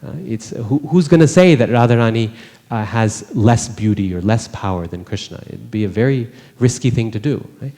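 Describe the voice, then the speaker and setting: A man's voice: on the low side, moderate pace, mellow, big-room sound. A man teaching a scripture class in a conversational way, often putting rhetorical questions to the listeners. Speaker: religious teacher. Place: temple hall.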